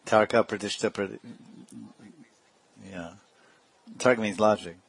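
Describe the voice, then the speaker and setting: A man's voice: on the low side, steady tone, unhurried, slightly rough, dry recording. A man giving a devotional discourse as a spiritual teacher, talking in a digressive way and chuckling often.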